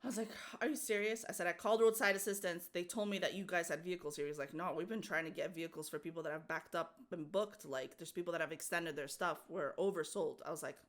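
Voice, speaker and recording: A woman's voice: fairly low pitch, quick pace, hardly any pauses. A young adult woman co-hosting a podcast, telling a story in casual chat, acting out the people she quotes and laughing often. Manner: animated, acts out quoted voices, laughs often. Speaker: podcast co-host.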